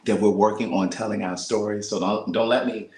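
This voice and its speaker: An American man talking casually to live viewers from a small apartment, speaking softly and half-whispering, laughing and reading out comments. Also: fairly low pitch, fairly even intonation, brisk, roomy sound, noisy background. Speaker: vlogger on a livestream.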